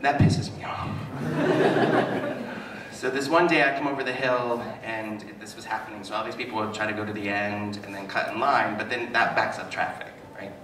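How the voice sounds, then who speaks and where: A man giving a live talk as a psychotherapist, telling stories with animated, self-mocking humor to an audience. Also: on the low side, normal speed, crowd noise. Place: hall with an audience. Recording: echoey hall, mic at a distance, noisy.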